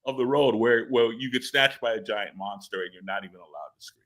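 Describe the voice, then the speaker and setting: Man, bright voice, rambling interview chat, stammers and repeats words. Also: fairly low pitch, a little fast. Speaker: comic book writer interviewed as guest.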